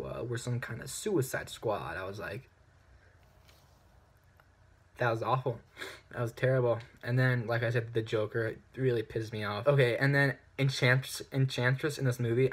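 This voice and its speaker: A man giving a casual spoken movie review, animated and ranting, with outbursts of frustration. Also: medium pitch.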